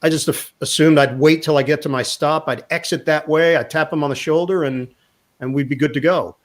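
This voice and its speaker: Male sports broadcaster guest, brisk anecdotal delivery, pitch sits a touch high. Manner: animated anecdote teller, quotes others in voices. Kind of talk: casual storytelling interview.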